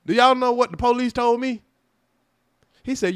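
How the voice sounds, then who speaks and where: A man, hosting a live stream and telling a profane, animated story in which he acts out every side. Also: very high-pitched, moderate pace, clean tone, dry recording, studio quality. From United States.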